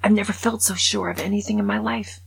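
An older woman hosting a podcast, talking in an excitable, gushing way that drops into whispers. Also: medium pitch, quick pace, gravelly, slightly rough, rough recording. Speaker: podcast host. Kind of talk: casual monologue.

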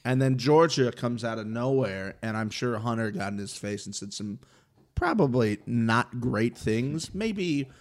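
This podcast host has a medium-pitched voice and a slightly slow delivery. In relaxed conversation, he lively retells what happened, voicing other people's words himself.

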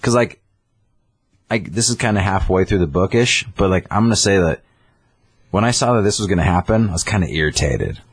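Man, very low voice, husky, dry close sound, casual storytelling chat. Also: a little fast, no echo. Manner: animated storytelling, acting out characters. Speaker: comic book podcast co-host.

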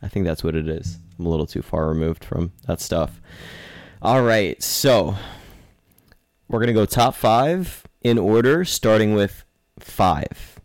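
A male sports podcast co-host with a lowish, expressive voice talks a little slowly in casual chat. He's chatty and playful, often correcting himself mid-sentence, and the recording is dry with clean studio sound.

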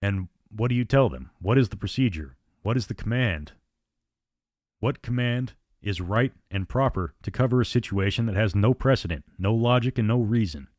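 A man narrating a suspense story in a measured, dramatic audiobook reading. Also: lowish voice, animated, a little mellow, dry recording, clean studio sound.

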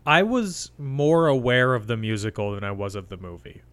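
A young man co-hosting a film podcast, reading out facts in a halting, relaxed way and chatting casually. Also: mid-range voice, clear, resonant tone. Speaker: podcast co-host. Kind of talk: casual chat.

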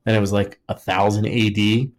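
A lowish male voice, delivered flatly at a moderate pace. As a podcast co-host, he wanders jokily through a history subject, peppering everything with "like" and frequently backing up to restart.

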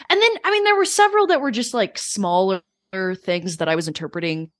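A woman talking casually on a podcast, telling personal stories in a reflective, animated way with many fillers. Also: on the low side, fairly quick, hardly any pauses, dry recording. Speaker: guest.

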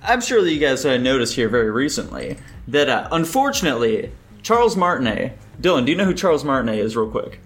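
A man hosting a casual podcast over an online voice call, animated, swearing freely and throwing questions to his friends. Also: medium pitch, fast. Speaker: podcast host. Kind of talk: casual chat.

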